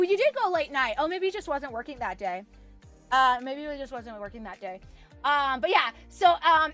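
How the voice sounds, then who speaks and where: A woman's voice: sits high, fairly bright tone. A young woman with a Canadian accent chatting casually with viewers while sewing, telling a story in a rambling way full of "like"s and laughs. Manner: rambling, many "like"s and restarts, laughs a lot. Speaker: vlogger chatting with live viewers.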